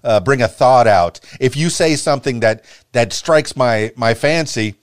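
A man's voice: medium pitch, lively intonation, unhurried, clear, resonant tone, dry recording. A male podcast host who speaks neutral American broadcast English, stammering and repeating words as he asks questions. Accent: neutral General American broadcast. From Miami, Florida. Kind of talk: casual podcast interview.

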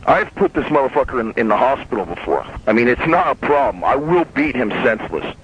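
Husky guy ranting and cursing thru a long rambling story, kinda muffled recording. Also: medium pitch, big pitch swings, brisk. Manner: profane, rambling, heated, with restarts. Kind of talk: casual storytelling chat. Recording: dull lo-fi sound.

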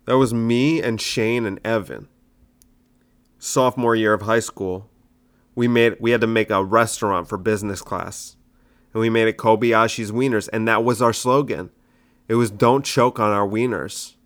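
A young adult man who does stand-up hosts a solo podcast, talking casually and teasing his earlier jokes. His fairly low voice holds a steady tone at a moderate pace.

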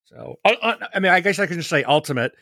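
A man co-hosting a podcast, talking casually and rambling with halting restarts. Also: sits high, expressive, pushed and bright, dry recording, studio quality. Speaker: podcast co-host.

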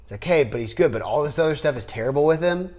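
A man hosting a podcast in casual chat, rambling and trailing off into low mutters. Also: animated, fast, a little mellow. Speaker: podcast host.

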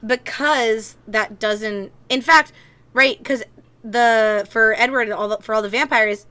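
A woman's voice: fairly high pitch, a little slow, bright, forceful tone. A young woman co-hosting a podcast, chatting casually and with enthusiasm, swearing now and then. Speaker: podcast co-host. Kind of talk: casual chat.

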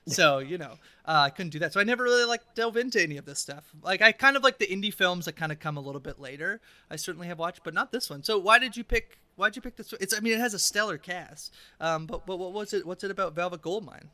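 Bright, clear-voiced man hosting a podcast. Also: high voice, lively intonation, fast, hardly any pauses, no room sound. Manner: chatty, many fillers and restarts. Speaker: podcast host. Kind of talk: casual podcast chat.

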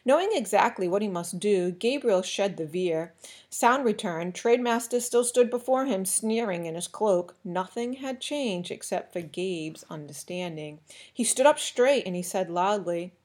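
Woman reading a book chapter aloud for her podcast, steady expressive storytelling. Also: medium pitch, unhurried, breathy edge. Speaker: audiobook podcast reader.

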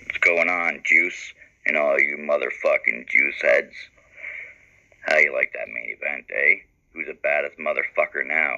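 A male caller with a very deep, gravelly voice and a hard, bright edge rants gleefully, swearing at every turn. His message comes through a dull, lo-fi call recording. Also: unhurried. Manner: loud, gleeful, heavy swearing.

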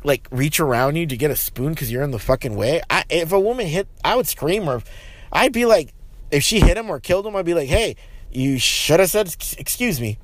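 A man hosting his own podcast, ranting heatedly with lots of swearing and restarts, then settling into a calmer, lower tone. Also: brisk. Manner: profane, rambling, frequent restarts. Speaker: podcast host. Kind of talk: casual solo podcast rant.

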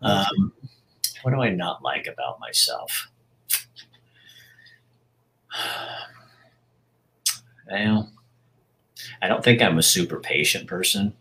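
Deep-voiced man in his sixties, reflective. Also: big pitch swings, gravelly, pushed and bright, low-quality recording. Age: 60s. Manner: reflective and frank, halting restarts. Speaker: interviewee. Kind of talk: candid personal interview.

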